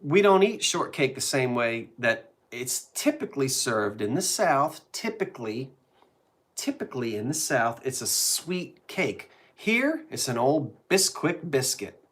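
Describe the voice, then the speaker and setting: An older man hosts a live stream in a relaxed, chatty way. His voice rises and falls a lot as he tells a story. He sits in the middle of the pitch range. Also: a little slow. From South Jersey. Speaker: host. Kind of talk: casual live-stream chat.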